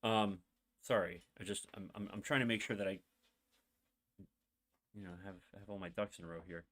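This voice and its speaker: Speaking at a normal pace, this young man hosts a podcast and shares a lengthy personal story, his voice on the low side with a fairly bright tone. The telling is rambling and candid, packed with fillers and side remarks, and he seems close to tears.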